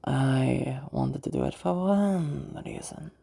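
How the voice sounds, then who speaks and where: A man voicing a sly, sinister woman villain, drawing out his words slowly and stressing only certain ones. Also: mid-range voice, gravelly, exaggerated voice. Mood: sinister, drawling. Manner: slow, drawn-out, oddly flat delivery.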